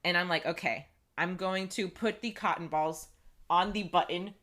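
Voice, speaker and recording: Bright young woman. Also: fairly low pitch, moderate pace. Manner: animated storytelling with frequent laughs. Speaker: podcast co-host. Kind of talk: casual chat.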